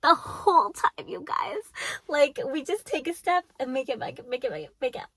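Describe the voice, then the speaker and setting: A young woman with a high, bright voice chats through a dating story, giggling and leaning on "like" as she goes. She is close to a dry mic, with no room around her. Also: lively intonation, moderate pace, dry recording. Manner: chatty, giggly, heavy on "like". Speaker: vlogger. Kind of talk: casual storytime chat.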